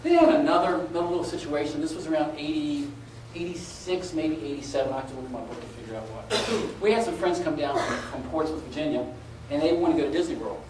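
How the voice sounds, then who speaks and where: A middle-aged man speaking at a conference, telling an anecdote with animated delivery and laughing at his own story. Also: a little high, quick pace. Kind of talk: live anecdotal talk. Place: conference hall. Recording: echoey live hall, taped from a distance with noise.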